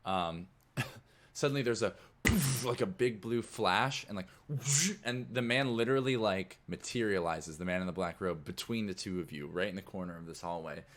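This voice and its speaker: A man's voice: low-pitched, moderate pace, a bit bright. A man narrating as game master in a tabletop game, loose and casual.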